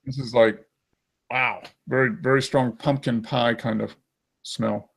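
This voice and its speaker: A man's voice: mid-range voice, fairly even intonation, a little slow, creaky. A man hosting a casual beer-tasting chat, describing flavors with enthusiasm. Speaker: beer show host.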